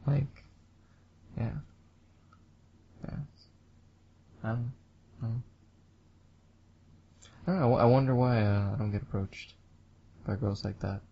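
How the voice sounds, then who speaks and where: A woman co-hosting a podcast, chatting casually and rambling, now and then mocking people in squeaky put-on voices. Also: unhurried, pauses often. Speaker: podcast co-host. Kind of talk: casual stoner chat. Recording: dull lo-fi sound.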